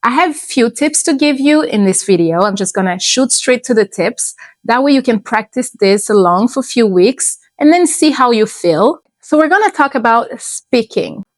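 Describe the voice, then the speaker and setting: Relaxed woman in her thirties giving advice. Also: a little high, normal speed, no room sound. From abroad, moved to the US at fifteen. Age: 30s. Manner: relaxed, chatty, restarts sentences. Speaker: lifestyle vlogger. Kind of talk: casual advice talk to camera.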